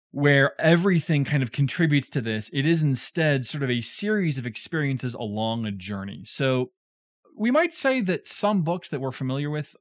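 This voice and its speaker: Animated man explaining a book. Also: mid-range voice, no room sound, studio quality. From southern United States. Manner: animated, digressive, joking asides. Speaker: podcast co-host explaining a classic novel. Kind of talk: casual explanatory chat.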